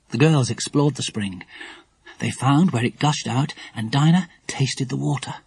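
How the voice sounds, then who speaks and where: A man narrating a children's audiobook in an animated, expressive way. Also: mid-range voice, a little slow, creaky, slightly rough.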